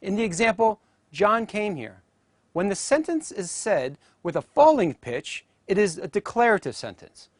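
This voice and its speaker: A teacher's medium-pitched voice, very animated with a darkish tone, delivers scripted educational narration on a dry recording. The pace is careful and deliberate, with example sounds modeled aloud.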